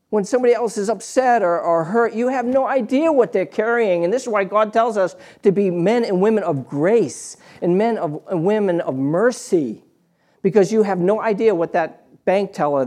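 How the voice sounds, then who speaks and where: Guy giving a sermon, kinda high and mellow, chatty, drops quiet then gets emphatic. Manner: conversational, repeats words and restarts, swings from quiet to emphatic. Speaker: preacher. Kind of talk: sermon with storytelling.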